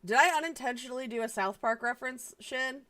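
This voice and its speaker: A woman's voice: sits high, fairly quick, pushed and bright. A woman streamer chatting casually on a live stream, rambling with lots of filler words, stammered restarts and swearing.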